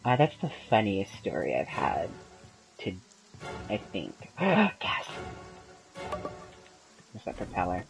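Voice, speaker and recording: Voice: deep voice, big pitch swings, moderate pace, vocal fry, faint music behind, rough recording. A young adult gaming channel host giving casual gameplay commentary, telling stories in a rambling way with lots of ums and sudden bursts of laughter.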